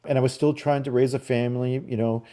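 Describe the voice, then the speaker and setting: Rambling middle-aged man, mellow voice. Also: medium pitch, steady tone, fast talker. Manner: rambling, frequent fillers and restarts. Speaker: podcast guest, psychic medium. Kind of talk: casual storytelling.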